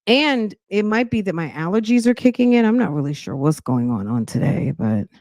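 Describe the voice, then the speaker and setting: A woman's voice: fairly low pitch, sing-song, normal speed, a little mellow, no room sound, clean studio sound. A woman hosting a podcast, chatting casually and a little out of breath, talking straight to her viewers with slang. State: slightly out of breath. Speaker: podcast host. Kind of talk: casual commentary chat.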